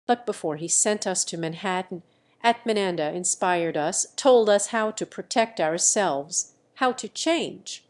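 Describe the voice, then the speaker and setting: A woman narrating a memoir as an audiobook, in an even, steady reading voice. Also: medium pitch.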